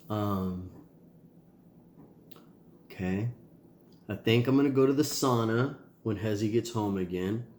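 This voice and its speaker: A tired, sore father with a nasal voice rambles to his kids in a casual video diary, his speech loose and dotted with ums and sighs. He sits on the low side with a darkish tone, going slowly with long pauses. The room sounds roomy, with slight background noise.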